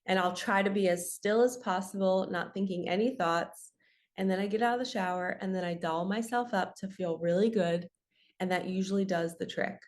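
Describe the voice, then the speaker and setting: A young woman talks straight to her viewers as a spiritual coach. Her tone is earnest and chatty, with a casual "you guys" and "like" running through it. Her voice sits at a middle pitch. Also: moderate pace. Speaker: spiritual coach and channel host. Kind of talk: solo motivational talk.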